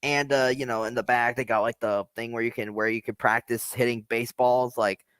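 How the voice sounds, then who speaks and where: A man's voice: mid-range voice, fairly even intonation, a little fast, fairly bright tone, clean tone, dry recording. A man hosting a reaction video, rambling casually and hesitantly about the clip.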